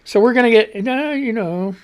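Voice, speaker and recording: On a live radio stream, a host in his sixties chats and reads viewer tweets, swearing, rambling, and laughing at himself. His voice is very high-pitched yet clear and resonant, at normal speed.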